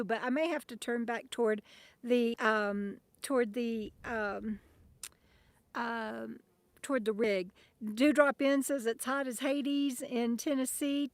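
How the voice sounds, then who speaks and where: A woman with a fairly high, fairly even voice speaks a little slowly on a dry recording. She's hosting a casual outdoor livestream at a campsite, phone camera held at arm's length, greeting viewers by name and often trailing off with ums.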